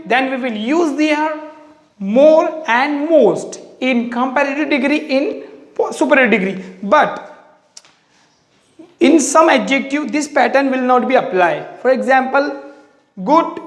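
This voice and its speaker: A teacher giving a grammar lesson, slowly repeating and drilling each word aloud. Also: sits high, echoey room, big-room sound. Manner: slow, repetitive explaining, drilling words aloud.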